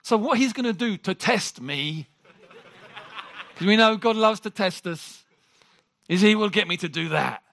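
A man preaching a sermon to a congregation. He jokes with the room and talks in an animated way. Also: sits high, unhurried, gravelly, pauses often, slight background noise.

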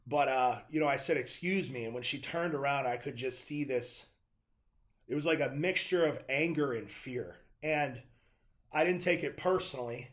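A young adult man giving a preaching monologue as a Christian speaker, telling stories in an earnest, conversational way. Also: mid-range voice.

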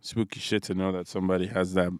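Low-voiced young man joking around. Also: flat delivery, fast, a little mellow, dry recording. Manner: laid-back, joking reactions, some stumbling words. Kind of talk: casual chat.

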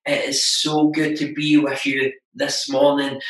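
A man's voice: mid-range voice, level tone, a little slow, hardly any pauses, fairly bright tone, roomy sound, distant mic, poor audio. A man with a strong Scottish accent, a guest pastor giving a recorded sermon with jokes and a casual manner. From Scotland. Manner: joking, self-deprecating, Scottish words like wee.

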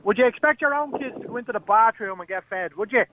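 A man's voice: sits high, lively intonation, fast, background noise. Indignant Irish man on a phone line. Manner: indignant, mocking. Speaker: caller. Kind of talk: heated talk radio phone-in. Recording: tinny phone line from a car.

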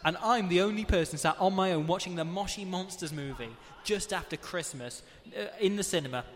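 A man's voice: high-pitched, a little fast, in a large hall, a little hiss or hum. A young man with a Northern English accent, telling a wry story in casual banter on a student radio show, laughing often. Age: young adult.

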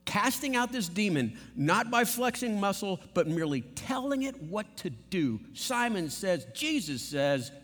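A male pastor delivering a sermon in an animated, conversational way, full of rhetorical questions. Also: high voice, a little slow, few pauses, slightly rough. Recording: long reverb of a large hall.

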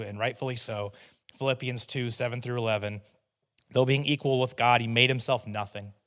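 A man delivering a sermon at a middle pitch, talking easily to the congregation with restarts and little asides. He rises now and then into loud, emphatic proclamations on the key phrases. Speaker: teaching pastor.

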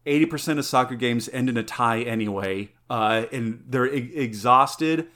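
A man co-hosting a podcast, chatting casually in an animated, rambling way with lots of "like.". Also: mid-range voice, normal speed. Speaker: podcast co-host. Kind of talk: casual chat.

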